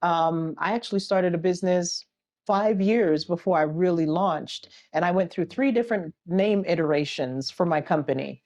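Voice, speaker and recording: A woman's voice: fairly low pitch, normal speed, a little mellow. A middle-aged woman answering interview questions earnestly as an entrepreneur and single mother, often repeating a refrain and using analogies.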